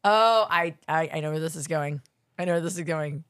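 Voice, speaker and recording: A woman's voice: deep voice, brisk, a bit bright. A woman co-hosting a casual podcast, giggly and enthusiastic. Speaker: podcast co-host. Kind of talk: casual chat.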